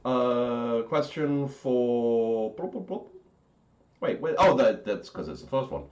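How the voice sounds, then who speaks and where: A man's voice: medium pitch, expressive, takes it slowly, darkish tone, dull audio. A man who ran the game, chatting casually in an aftershow with lots of fillers and restarts. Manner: rambling, with many fillers and restarts. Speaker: game master.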